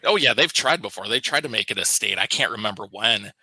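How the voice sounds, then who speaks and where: A man co-hosting a podcast, chatting casually and telling stories, quick to laugh. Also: fairly low pitch, animated, gravelly, bright, forceful tone, breathy edge, no echo, low-quality recording. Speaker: podcast co-host. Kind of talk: casual chat.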